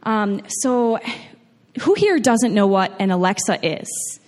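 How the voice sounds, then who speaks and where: Before a live audience in a large room, a young New York woman tells a funny story from her own life. Her mid-range voice is expressive and a little mellow, and she speaks slowly and chattily, laughing and restarting often. A long hall reverb hangs on the recording.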